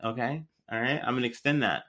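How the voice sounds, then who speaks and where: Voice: mid-range voice, steady tone, fast talker, fairly bright tone. A podcast co-host chatting casually, emphatic and slangy, often calling people dude.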